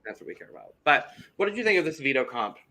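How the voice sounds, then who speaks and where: A man's voice: a little high, very animated, quick pace, pushed and bright. A young man co-hosting a podcast in casual chat, talking loosely, with some swearing and repeated words. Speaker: podcast co-host.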